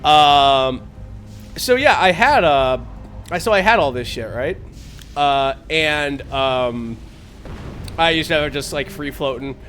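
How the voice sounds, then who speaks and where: High-voiced, animated rambling man. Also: slow pace, long pauses, faint music behind. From US Midwest. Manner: rambling, animated, laughing, swears freely. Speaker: streamer. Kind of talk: casual storytelling chat.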